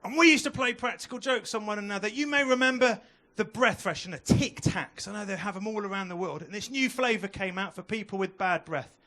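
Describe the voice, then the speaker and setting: A young man doing a stand-up comedy set on a club stage, chatting with the crowd through a handheld mic and throwing in quick asides. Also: high voice, bright, forceful tone.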